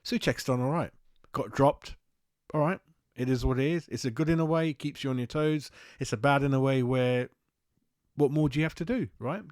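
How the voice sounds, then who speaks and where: A man from West London with a London accent hosts a football fan channel in a casual, rambling, blunt and self-mocking monologue. His voice is medium-pitched with a darkish tone at a moderate pace, and the recording is dry.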